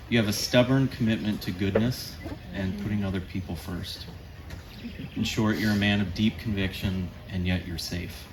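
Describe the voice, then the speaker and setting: A man's voice: on the low side, noisy background. Man in his forties giving a best man toast. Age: 40s. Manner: heartfelt, jokey, laughs often. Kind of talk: wedding toast. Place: wedding reception.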